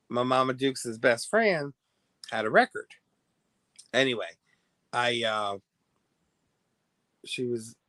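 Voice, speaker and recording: A man chats casually to his audience, drifting through a long anecdote and often losing his thread. His voice is bright and a little low, and he takes his time. It sounds dry and close, with no room echo. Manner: rambling, chatty, self-interrupting. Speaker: host. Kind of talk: casual storytelling to viewers.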